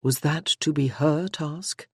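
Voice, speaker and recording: An audiobook narrator reading a novel in a measured, even storytelling manner. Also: mid-range voice, breathy edge, no room sound, clean studio sound. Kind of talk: scripted narration.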